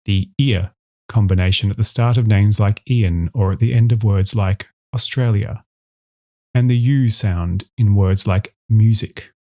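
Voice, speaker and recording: A man with a fairly low voice narrates an educational voice-over. He speaks in a measured, scripted way and slows down to enunciate each example sound clearly. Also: steady tone, warm tone. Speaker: instructor.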